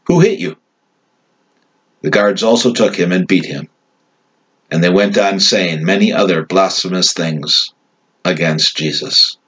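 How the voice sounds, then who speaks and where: Low husky man reading scripture. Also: steady tone, measured pace, a bit bright, poor audio. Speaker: scripture reader.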